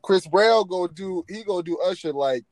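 Man, co-host, a bit high-pitched, laughs a lot, repeats himself, crude banter. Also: moderate pace, crowd noise. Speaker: podcast co-host. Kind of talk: casual profane banter.

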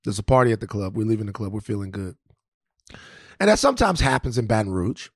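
A man from Louisiana co-hosting a podcast and telling a story in casual, profane, animated chat with many restarts. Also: lowish voice, quick pace, dry recording, studio quality. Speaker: podcast co-host.

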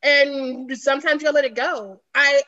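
A woman's voice: high-pitched, normal speed, bright, forceful tone, highs cut off. A woman from Kansas City, Missouri, chatting casually about a film on a podcast, laughing often and acting out the voices she quotes. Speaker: podcast panelist.

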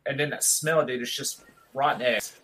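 A man's voice: medium pitch, steady tone, normal speed, fairly bright tone, poor audio. A man in his thirties telling a long school story in casual chat, rambling and laid-back, with "dude" in almost every sentence.

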